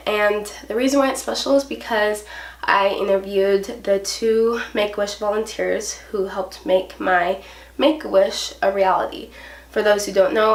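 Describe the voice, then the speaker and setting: Female vlogger, hurried intro to camera, echoey room. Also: mid-range voice. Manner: hurried, aiming to talk fast.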